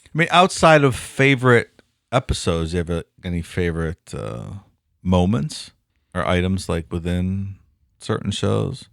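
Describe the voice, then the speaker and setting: A man co-hosts a podcast in relaxed, casual chat, easily amused and quick to laugh and swear. His voice sits somewhat low. The sound is dry and close, with no echo. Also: gravelly. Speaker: podcast co-host.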